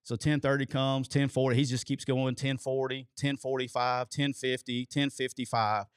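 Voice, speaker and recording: A man, co-hosting a show and telling a long story in an animated way, swearing casually. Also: medium pitch, normal speed, clean tone, dry recording, studio quality. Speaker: co-host telling a coaching story.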